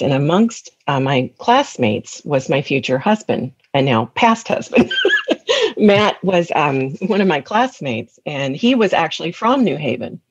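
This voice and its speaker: Woman, 50s, Tennessee accent, husky, dry close sound, laughs as she tells stories. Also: low voice, dry recording, highs cut off. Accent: Southern US, Tennessee. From West Tennessee, USA. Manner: frequent laughter, animated storytelling. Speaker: guest. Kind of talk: interview, personal storytelling.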